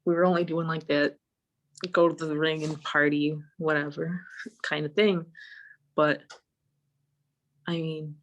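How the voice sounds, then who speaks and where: Over a lo-fi online voice call, a young female guest with a low voice takes her time, pausing often as she tells a story in casual chat. She's animated, swears frequently, and acts out what she said back then.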